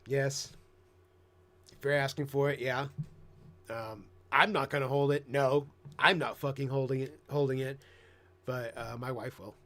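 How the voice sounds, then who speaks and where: Laid-back streamer guy, mid-pitched, swears freely, rambles. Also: measured pace, pauses often. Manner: profane, rambling, bursts into excited squeaky voices mimicking himself. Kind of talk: casual live-stream chat. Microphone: headset.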